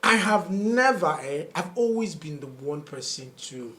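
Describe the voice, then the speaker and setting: A young man from Nigeria tells stories in casual podcast chat, with a fairly high voice. He acts out what people said in different voices and keeps breaking into laughter. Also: unhurried. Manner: animated, acts out quotes, laughs often. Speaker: podcast guest, comedian.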